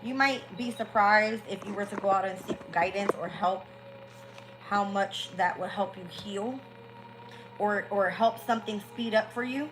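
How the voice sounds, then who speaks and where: A woman's voice: mid-range voice, unhurried, music in the background, rough recording. A woman giving a casual live-stream tarot reading, talking bluntly and swearing freely. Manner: blunt, profane, candid. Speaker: tarot reader.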